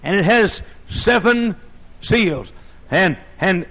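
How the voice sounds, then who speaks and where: A man's voice: high-pitched, animated, slow, a bit bright, highs cut off. A man preaching a sermon in an emphatic, repetitive cadence.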